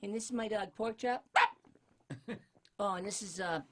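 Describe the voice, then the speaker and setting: A man's voice: sits high, a little slow, pushed and bright, pitched above the performer's own voice, heavily acted. A man voicing a painfully shy eleven-year-old cartoon boy, timid and hesitant.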